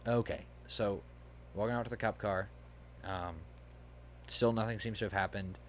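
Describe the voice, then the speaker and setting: A man's voice: on the low side, steady tone, a little hiss or hum. A man acting as game master, casually narrating a hypothetical scenario and chuckling at the player's choices. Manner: casual, chuckling, quick to play characters.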